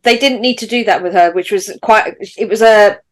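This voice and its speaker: Female co-host, storytelling, relaxed with restarts. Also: mid-range voice, normal speed, a little hiss or hum. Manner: recounts facts with many restarts. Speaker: podcast co-host. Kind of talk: casual chat.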